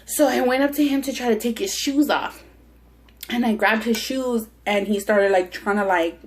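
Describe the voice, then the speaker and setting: A woman's voice: on the high side, fairly even intonation, moderate pace. A young woman vlogger telling a heated, profanity-laced personal story with lots of restarts while she eats on camera. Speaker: mukbang vlogger. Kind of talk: casual storytelling while eating.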